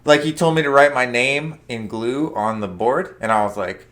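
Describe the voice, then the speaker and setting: A man's voice: medium pitch, normal speed, a bit bright. Rambling young man telling a work story. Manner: rambling, with many fillers and acted-out quotes. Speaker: podcast co-host. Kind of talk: casual storytelling chat.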